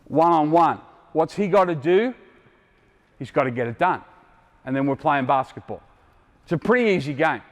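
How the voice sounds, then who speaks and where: A middle-aged Australian man coaching players on court, quizzing them with blunt, joking asides. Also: high voice. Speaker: basketball coach. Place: indoor basketball court. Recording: long hall reverb from a gym.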